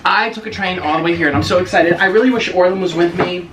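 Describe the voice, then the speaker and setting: A man in his twenties chatting in a casual mukbang vlog, excitable and gushing. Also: high-pitched, fast talker, slight background noise. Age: 20s. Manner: excitable, gushing, many gasps and squeals. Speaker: vlogger. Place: apartment in a busy city. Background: faint street ambience.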